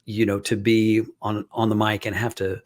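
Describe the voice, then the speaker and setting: A man's voice: lowish voice, little pitch movement, moderate pace. Thoughtful man, a podcast guest. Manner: thoughtful and reflective; professional speaker. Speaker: podcast guest, business coach and author. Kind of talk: casual podcast chat.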